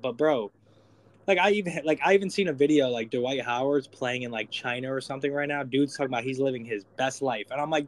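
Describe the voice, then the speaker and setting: Laid-back slangy man, mid-pitched voice. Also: brisk. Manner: laid-back, slangy, lots of "bro" and "you know". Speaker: podcast co-host. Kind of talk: casual podcast chat.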